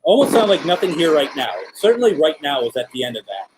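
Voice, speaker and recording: A man's voice: a little high, very animated, fast, background noise. A man hosting a live spirit box session, patiently and politely coaxing spirits to talk to him. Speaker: paranormal livestream host.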